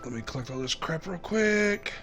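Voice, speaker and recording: A young man giving casual gameplay commentary, talking quickly and nervously to himself as he plays. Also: fairly high pitch, lively intonation, a bit bright, faint music behind. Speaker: gaming YouTuber.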